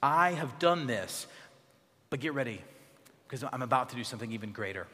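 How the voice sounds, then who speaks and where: A pastor preaching a sermon in a church, expressive, dropping to soft tones for emphasis. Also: male voice, mid-range voice, brisk, big-room sound.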